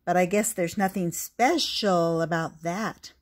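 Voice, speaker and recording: A woman's voice: lowish voice, unhurried, lightly acted. An older woman voicing a spirited seven-year-old boy in a storybook reading. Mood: grumbling.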